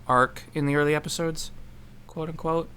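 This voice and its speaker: A man from the southern Midwest with a Midwestern accent tinged with Southern drawl, co-hosting a casual podcast chat with lots of laughing and quick asides. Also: on the high side, fairly even intonation, bright, forceful tone, clean tone. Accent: Midwestern American with Southern influence. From southern Midwest, USA. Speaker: podcast co-host.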